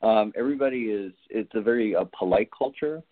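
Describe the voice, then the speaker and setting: A man with a fairly low voice answers interview questions over the phone. He pauses and restarts often, searching for words. The line sounds thin and tinny. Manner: hesitant, lots of ums and restarts. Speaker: actor and interview guest.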